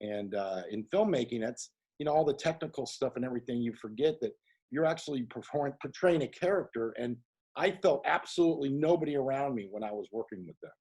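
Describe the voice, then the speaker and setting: A man who is a guest actor on a video call, telling an anecdote in a casual, animated way. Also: mid-range voice, brisk, husky. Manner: animated storyteller, acts out quoted voices.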